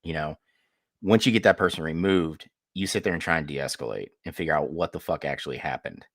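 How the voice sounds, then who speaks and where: A man's voice: a bass voice, a little fast, fairly bright tone, no echo, studio quality. A man co-hosting a podcast who once led soldiers, talking bluntly in casual chat with lots of swearing. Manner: blunt, profane, frank. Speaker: podcast co-host, former military leader.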